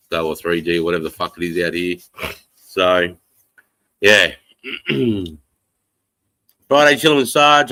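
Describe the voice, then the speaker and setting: Australian man, live-stream host, loose rambling chat, sweary, bright tense voice, dry close sound. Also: on the low side, no room sound, poor audio. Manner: rambling, swears freely, reads out chat comments. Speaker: livestream host. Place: home in the countryside.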